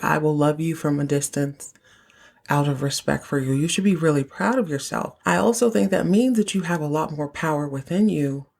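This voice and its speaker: Chatty woman with a lowish voice. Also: warm tone. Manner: chatty, playful asides. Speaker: podcast host. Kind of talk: casual episode recap.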